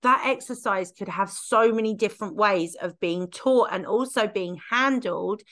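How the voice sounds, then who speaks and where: A woman hosting a podcast in a casual, bubbly way, her voice hoarse from laryngitis. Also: mid-range voice, normal speed, a bit bright. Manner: bubbly, chatty, self-mocking. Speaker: podcast host.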